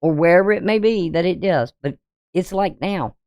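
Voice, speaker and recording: A woman's voice: on the low side, moderate pace, a little mellow, no echo, studio quality. A woman astrologer giving a forecast in an emphatic, preachy way, firing off rhetorical questions at her viewers. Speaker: astrologer and tarot reader.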